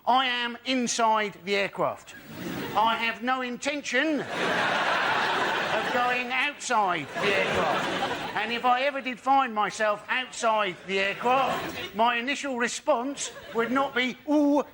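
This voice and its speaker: A man delivering a quick, dry observational stand-up bit. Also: extremely high pitch. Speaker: comedian. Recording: studio with loud audience noise.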